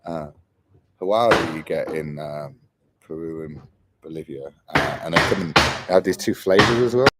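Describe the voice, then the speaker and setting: Traveling in Argentina, a man in his 40s chats casually with viewers on a livestream, rambling and addressing them as mate. He speaks at a moderate pace in an extremely low voice, over very noisy audio.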